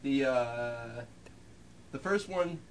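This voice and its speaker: A man's voice: medium pitch, animated, drawn-out words, slight background noise. A young man co-hosting a radio show in casual banter, joking and eager, laughing often.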